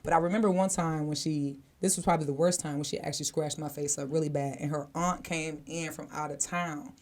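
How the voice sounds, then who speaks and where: Low-voiced woman telling a story candidly. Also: steady tone, brisk, darkish tone. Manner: candid and blunt, swears freely; conversational, speaks directly to listeners. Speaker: podcast co-host. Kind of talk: casual podcast storytelling.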